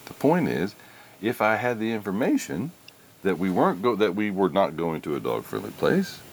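Deep-voiced blunt man hosting a podcast. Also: huge pitch swings, moderate pace, a little hiss or hum. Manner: blunt, profane storyteller. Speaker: podcast host. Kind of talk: casual chat.

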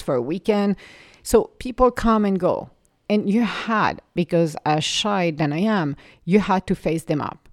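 A woman with a low, gravelly voice shares a personal story of taking a leap into a new life. She talks in a loose, emotive way, circling back and restarting, with bursts of laughter. Her voice is recorded close and dry. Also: a little mellow, dry recording.

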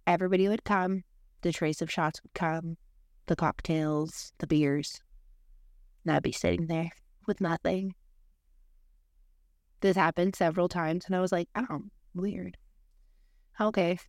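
A woman's voice: lowish voice, steady tone, a little slow, pauses often, a little mellow, dry recording, clean studio sound. A woman co-hosting a podcast, telling candid, rambling stories in casual chat, full of fillers and asides. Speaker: podcast co-host.

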